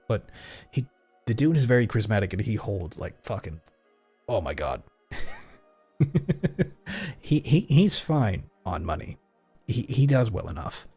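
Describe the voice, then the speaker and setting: A man's voice: mid-range voice, darkish tone, breathy edge. A man streaming, chatting casually in a rambling, profane way. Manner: rambling, profane, acts out both sides of imagined exchanges.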